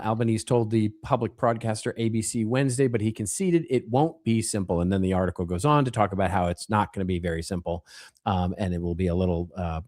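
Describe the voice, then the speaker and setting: A man's voice: fairly low pitch, no echo. A man co-hosting a marketing podcast, chatting casually, reading news headlines aloud and laughing easily. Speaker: podcast co-host.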